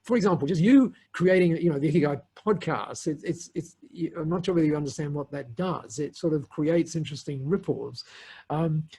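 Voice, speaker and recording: A middle-aged man with a somewhat high, husky voice tells a story as a podcast guest. He talks casually and rambles, circling back with restarts and fillers. He laughs now and then as he goes. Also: brisk, mellow.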